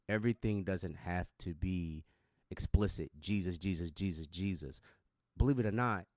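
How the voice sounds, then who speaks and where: A man's voice: low-pitched, dry recording, clean studio sound. A man commenting on video clips in a casual, conversational way, full of slang and filler words.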